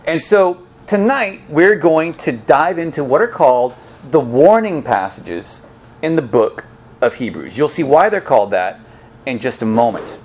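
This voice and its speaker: A man preaching a sermon as a pastor, talking in a conversational, animated way with frequent restarts. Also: fairly high pitch, unhurried, a little hiss or hum.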